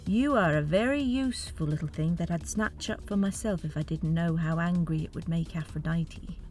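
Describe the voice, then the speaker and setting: A woman's voice: fairly low pitch, moderate pace, darkish tone, soft background music, lightly acted. A woman voicing a charming, teasing male god of revelry in an audiobook. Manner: teasing, indulgent, chuckling. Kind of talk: audiobook character reading.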